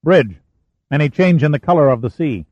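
A man's voice: medium pitch, animated, a little fast, a little mellow, no room sound, dull audio, natural voice. A man voicing an authoritative male ship's commander who gives clipped orders. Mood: commanding.

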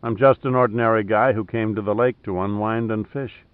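A man's voice: fairly low pitch, fairly even intonation, brisk, clear, resonant tone, no echo, natural voice. A man reading a tough male adventurer who talks with dry, understated humor. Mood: wry. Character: wry, tough male adventurer, wounded and laconic. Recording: narrow phone-like sound.

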